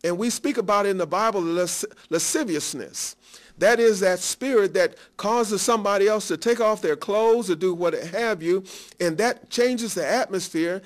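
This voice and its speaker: Guy with a high voice preaching, keeps saying glory to god, acts out little scenes. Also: moderate pace. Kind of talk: sermon.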